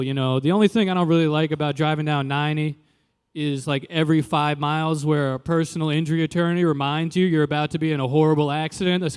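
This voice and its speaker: Wry high-voiced male stand-up comic. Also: a little mellow, clear, resonant tone. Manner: casual, wry, quick bursts of exasperated questions. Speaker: stand-up comedian. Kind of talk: stand-up comedy. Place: comedy show stage.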